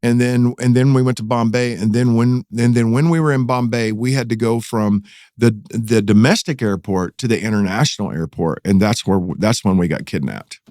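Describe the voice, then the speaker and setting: A middle-aged Texan pastor tells a dramatic story during a casual podcast interview, his medium-pitched voice climbing with rising excitement as the tale builds. He speaks at a normal pace and with real animation. The sound is dry and studio-clean.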